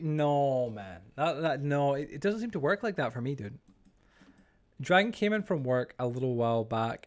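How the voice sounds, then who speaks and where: A man chatting casually while streaming a game. He rambles, swears freely, stammers and pokes fun at himself. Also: mid-range voice. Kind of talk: casual chat while gaming.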